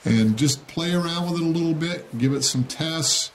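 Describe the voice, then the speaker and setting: A man's voice: fairly high pitch, moderate pace, slight background noise. A man giving a casual how-to tutorial on a hobby build, plain-spoken and checking in with "okay?" after each step. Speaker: model railroad hobbyist demonstrating.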